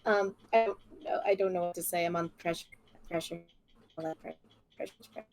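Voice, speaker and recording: A woman speaking on a casual livestream, hesitant and shy, with many pauses and fillers. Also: lowish voice, fairly even intonation, a little mellow, no room sound. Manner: hesitant, shy, lots of ums. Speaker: artist guest.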